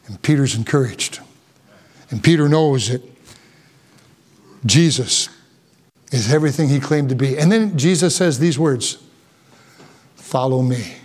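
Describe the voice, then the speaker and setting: A man's voice: fairly high pitch, a little slow, long pauses, a little mellow, husky. A man preaching an impassioned sermon, rising to emphatic peaks. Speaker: pastor.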